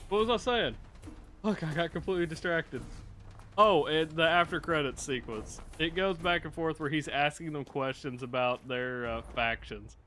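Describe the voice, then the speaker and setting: A man's voice: a little high, moderate pace, pushed and bright, slight background noise. A man live-streaming a video game, chatting casually, swearing freely and laughing as he tells rambling stories. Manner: profane, rambling, laughs while telling stories.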